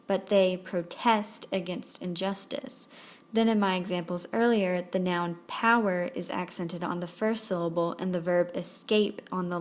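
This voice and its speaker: Woman, scripted lesson narration, slow read-aloud examples, mid pitch. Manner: reads poetry examples aloud slowly.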